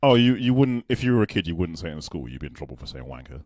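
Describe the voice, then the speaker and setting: A man, chatting casually as a podcast host, animated and quick with asides. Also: deep voice, no room sound, studio quality. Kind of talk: casual chat.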